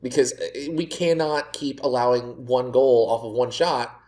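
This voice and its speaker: A man talking over his own gameplay in a mid-pitched voice. He calls the action and then breaks into sarcastic, self-mocking rants about his side's failures. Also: steady tone, measured pace, a little mellow. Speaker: gaming video creator. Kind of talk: let's play commentary.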